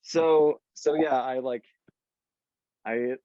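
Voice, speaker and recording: A man's voice: medium pitch, steady tone, extremely slow, warm tone, lo-fi sound, a little hiss or hum. A man in his thirties from Southern California tells a long anecdote as a podcast guest, with lots of fillers and cursing. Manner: rambling, profane, heavy on fillers like "like" and "um". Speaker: guest musician. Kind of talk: casual anecdote telling.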